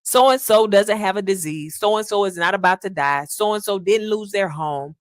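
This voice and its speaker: A woman's voice: mid-range voice, normal speed, dry recording, studio quality. A woman hosting a podcast in an earnest, casual monologue, calling listeners "y'all" and acting out little quotes. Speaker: podcast host.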